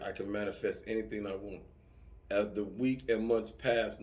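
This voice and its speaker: A middle-aged man talking casually, telling lively stories with profanity and acting out yelling soldiers. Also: on the low side. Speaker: vlogger answering subscriber comments. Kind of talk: casual chat.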